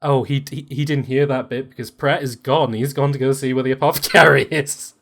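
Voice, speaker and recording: A game master narrating a tabletop role-playing game, chatty and laughing, with quick asides. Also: medium pitch, steady tone, gravelly, a bit bright.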